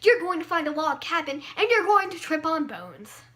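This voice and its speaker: High, lively woman telling a story. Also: moderate pace. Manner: animated, dramatic storytelling. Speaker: vlogger. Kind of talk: story time vlog.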